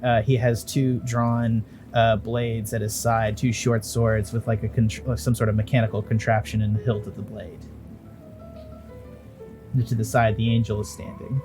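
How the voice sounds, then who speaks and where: A man's voice: on the low side, level tone, moderate pace, music in the background. A man running a tabletop role-playing game as game master, talking bluntly and jokingly and swearing freely.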